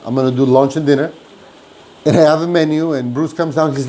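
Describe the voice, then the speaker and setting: A middle-aged chef from Mexico with a Mexican Spanish accent, telling stories in casual chat and acting out other people's lines. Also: male voice, fairly high pitch, brisk. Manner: animated, acts out quoted voices. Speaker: chef and podcast co-host.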